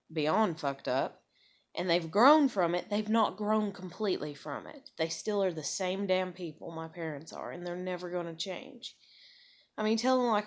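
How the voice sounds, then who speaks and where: A woman venting angrily and bluntly to camera, swearing often. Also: mid-range voice. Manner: angry, profane, blunt. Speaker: vlogger. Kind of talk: personal vent to camera.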